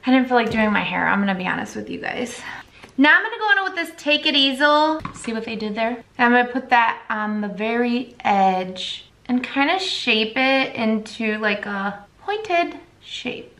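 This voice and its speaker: A woman's voice: on the high side, lively intonation, normal speed, fairly bright tone. A young woman chatting casually at home through a makeup tutorial, rambling and now and then baby-talking to her dog. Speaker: makeup vlogger.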